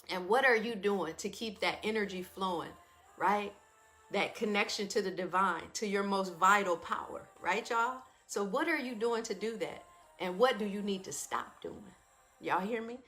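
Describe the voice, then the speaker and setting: Brief: woman host, familiar and preachy, laughs a lot, mid-pitched. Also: fairly bright tone. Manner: familiar and preachy, addresses listeners as y'all, laughs often. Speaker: wellness talk host. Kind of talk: live wellness talk to an audience.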